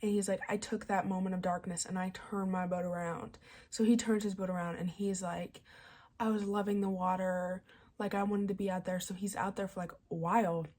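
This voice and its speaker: A young woman book vlogger excitedly retelling a novel's plot in a chatty way, full of "like" and paraphrased character lines. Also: medium pitch, a little fast. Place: home, early morning.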